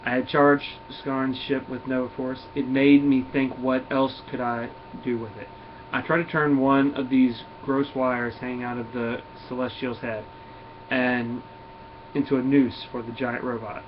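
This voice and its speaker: A man voicing a brash, excitable teenage boy superhero with eager, cocky chatter. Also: mid-range voice, a little slow, natural voice. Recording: dull lo-fi recording, faint hiss.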